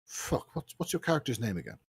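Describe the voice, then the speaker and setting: A man's voice: mid-range voice, wildly swooping pitch, fast, vocal fry, breathy edge, no echo. A man narrating as game master in a tabletop game over a voice call, rambling and correcting himself. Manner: rambling, self-interrupting.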